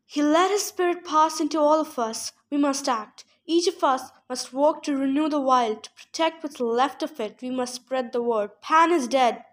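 An earnest young satyr from a storybook rallies his listeners with determination, as a woman reads him aloud. His words come out rousing and sincere, in a high voice. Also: normal speed, hardly any pauses, natural voice. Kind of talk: audiobook reading.

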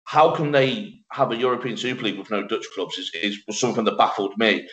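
A man hosts a podcast, chiming in to agree and then winding into long, rambling questions. His voice sits low, with plenty of room echo around it. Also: a little fast, a bit bright. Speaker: podcast host. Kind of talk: casual podcast discussion.

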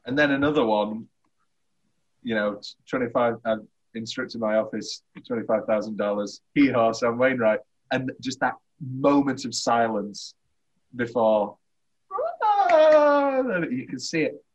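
A young man hosting a casual film chat, rambling and halting, laughing often. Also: mid-range voice, fairly even intonation, slightly rough, lo-fi sound. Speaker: podcast host.

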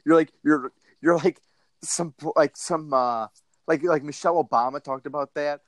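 A man's voice: moderate pace, no echo. Rambling, joking podcast co-host man. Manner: rambling, crude joking, many fillers and restarts, jumpy pitch. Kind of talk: casual podcast banter.

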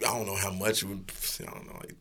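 A man's voice: sits low, little pitch movement, moderate pace, bright, forceful tone. A man, a rapper guest, telling rambling, profane stories in a laid-back casual way. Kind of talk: casual storytelling.

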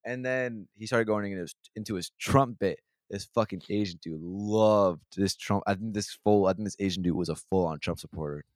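A man's voice: on the low side, brisk, hardly any pauses, no echo, studio quality. A young man casually telling a long, profane story on a podcast, rambling with many restarts and acting out what people said. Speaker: podcast host.

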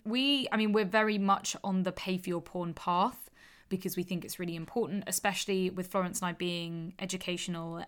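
Blunt, sweary woman guest from the UK. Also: on the low side. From United Kingdom. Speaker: guest, ethical porn director. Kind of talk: casual interview chat.

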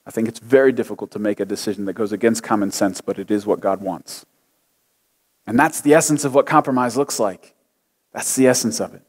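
A man's voice: on the low side, brisk, slightly rough. A man in his thirties preaching a sermon as a pastor, conversational and often asking his listeners questions. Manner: conversational, asks the audience questions. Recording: long hall reverb.

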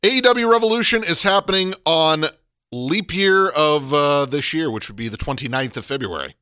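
A man's voice: a little high, moderate pace, sharp tone, smooth, no echo, studio quality. A man co-hosting a casual wrestling podcast, opinionated and emphatic, pushing his points hard. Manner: emphatic, opinionated, rises sharply on key points. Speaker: podcast co-host.

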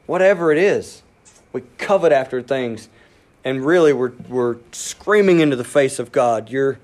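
A man preaching a sermon, animated, acting out inner voices and dropping his voice low for emphasis. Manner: animated, acts out inner voices, quickens and drops to near whisper. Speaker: pastor.

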